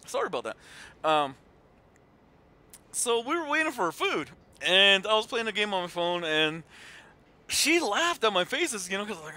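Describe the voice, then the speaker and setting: A man's voice: sits high, normal speed, long pauses. A man in his thirties streaming a game and chatting casually, rambling with many fillers and restarts. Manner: animated retelling with voiced quotes. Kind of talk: casual chat while gaming.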